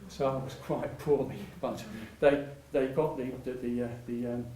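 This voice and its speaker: A man's voice: medium pitch, steady tone, moderate pace, warm tone. An older man gives a rambling, anecdotal talk, full of restarts and laughter. His voice carries through a reverberant room, picked up from some distance off, with faint ambient noise behind. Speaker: patient speaker at a public talk. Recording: echoey hall, mic at a distance.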